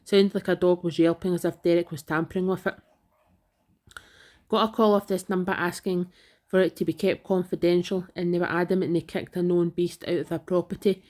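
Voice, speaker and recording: A woman reading out online comments in a flat, even delivery. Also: lowish voice, brisk.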